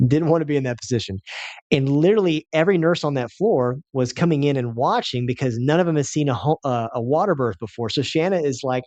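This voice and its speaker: A man, a chiropractor in his thirties, telling a personal story with lively acted-out quotes. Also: medium pitch, fast, no echo. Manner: animated storyteller who acts out quoted voices.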